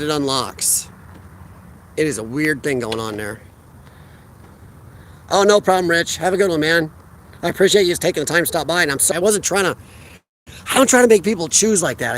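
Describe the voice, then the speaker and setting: A man with a Midwestern American accent chats easily on a live stream, held up to his phone's mic at a riverfront park. His voice sits high for a man, and he keeps answering viewers' chat messages by name. A faint wash of outdoor ambience runs under him. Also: a little hiss or hum. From United States. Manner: chatty, reads out viewers' chat and answers them. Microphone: phone camera held by the speaker.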